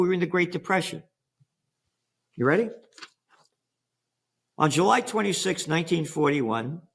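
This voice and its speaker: A man's voice: on the high side, vocal fry, a bit bright, husky. An older American man on an interview, emphatic and sarcastic, firing rhetorical questions. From United States. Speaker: interview guest. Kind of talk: animated interview talk.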